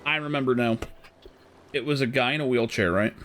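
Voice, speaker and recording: A man's voice: mid-range voice, brisk, fairly bright tone, faint music behind. A man streaming a game, casually telling a story with frequent laughs and swearing. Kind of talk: casual storytelling while gaming.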